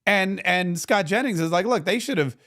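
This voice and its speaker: A man with a fairly high voice hosts a political commentary show. He sounds indignant and animated and keeps circling back on his own phrases. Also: moderate pace. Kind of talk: opinionated commentary.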